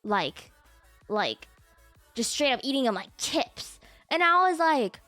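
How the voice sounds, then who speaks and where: Animated, high-voiced woman streamer. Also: moderate pace, no room sound, faint music behind. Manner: animated, excitable, swears casually. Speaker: livestreamer. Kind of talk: casual stream chat. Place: home streaming setup.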